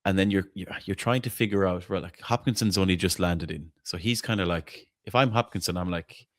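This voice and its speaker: A man's voice: low-pitched, a little fast, no echo, studio quality. A man hosting a casual football fan chat, blunt and opinionated, swearing freely and tripping over repeated words as he argues his point. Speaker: podcast host.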